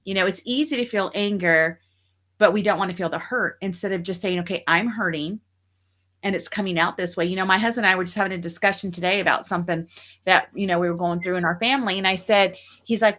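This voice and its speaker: A middle-aged woman talks earnestly as a co-host. She muses on her feelings in a reflective way and slips into quick acted-out bits of everyday scenes. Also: mid-range voice, fairly even intonation, fairly bright tone. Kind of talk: casual chat.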